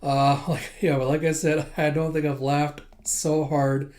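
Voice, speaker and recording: A man's voice: a little high, level tone, measured pace, a little mellow. A man giving a casual chapter recap as a manga reviewer, chatty, with frequent laughs and fillers.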